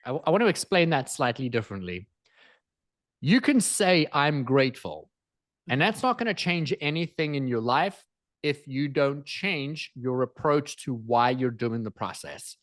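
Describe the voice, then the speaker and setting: A man speaking as a guest in an interview, energetic and emphatic, driving points home with repetition. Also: mid-range voice, measured pace, dry recording, studio quality. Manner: energetic, emphatic, repeats phrases for effect. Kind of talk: animated interview storytelling.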